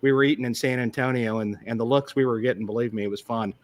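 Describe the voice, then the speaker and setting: Halting male detective host, dry sound. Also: mid-range voice, fairly even intonation, no room sound. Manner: halting, frequent restarts while recounting. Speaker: podcast host, police detective. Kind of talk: casual interview conversation.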